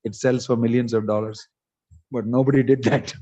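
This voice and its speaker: Monk, sermon storyteller, mellow voice, lo-fi recording. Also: male voice, mid-range voice, normal speed. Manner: animated storytelling with voiced quotes and jokes. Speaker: monk giving discourse.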